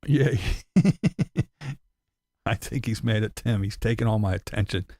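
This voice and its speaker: A man's voice: lowish voice, unhurried, darkish tone, no echo, clean studio sound. A man hosting a casual commentary vlog, blunt and mocking, cursing freely. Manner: mocking, blunt, swears a lot. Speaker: commentary channel host.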